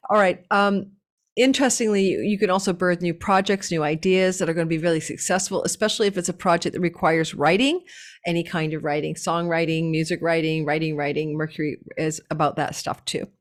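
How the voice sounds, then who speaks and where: A woman giving a casual astrology forecast, talking with a lively up-and-down cadence and chatty asides. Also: on the low side, fairly quick.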